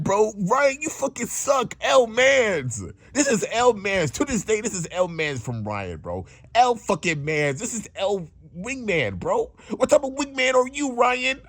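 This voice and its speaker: A young man telling a casual storytime in an animated, slangy way, often saying bro. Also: sits high, a little slow, hardly any pauses, dry recording, studio quality. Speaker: vlogger.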